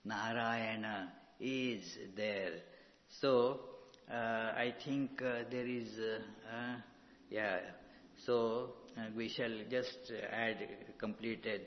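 Slow, measured male spiritual teacher. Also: lowish voice, slight background noise. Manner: slow, measured, with frequent pauses and fillers. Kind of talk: scripture lecture. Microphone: microphone. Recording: dull hall recording with long reverb.

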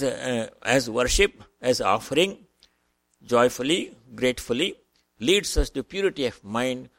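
A man giving a measured, reflective spiritual talk, reading aloud from a book and pausing now and then to restart a phrase. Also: medium pitch, gravelly, a bit bright, dry recording. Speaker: spiritual teacher.

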